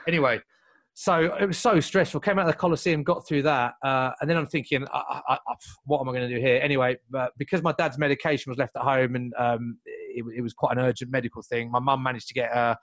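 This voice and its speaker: A young man telling a long story in casual chat, lively and full of asides and restarts. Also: mid-range voice, no room sound. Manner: animated, fast, piles up asides and restarts.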